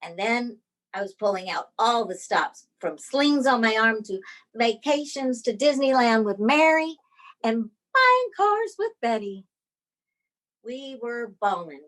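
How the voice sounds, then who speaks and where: Expressive woman telling a personal story. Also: fairly high pitch, measured pace. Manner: dramatic, expressive delivery.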